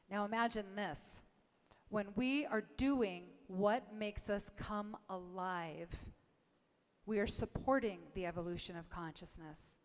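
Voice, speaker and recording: A woman's voice: fairly high pitch, big-room sound. A woman reverend giving an encouraging sermon, leading her congregation in affirmations and often asking "right?". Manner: warm encouraging preaching, leads congregation in affirmations. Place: church sanctuary.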